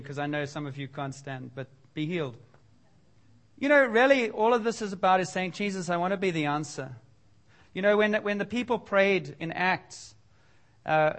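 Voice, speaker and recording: Male preacher, high voice, lively sermon delivery with voiced dialogue and loud appeals. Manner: animated preaching, voicing God and listeners, rising to loud exhortation. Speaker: pastor.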